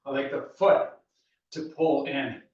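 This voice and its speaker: Man, fitness instructor, out of breath, calm coaching cues, distant mic, echoey dull recording. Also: medium pitch, measured pace. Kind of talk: guided workout instruction. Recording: echoey room, voice from far off, dull sound.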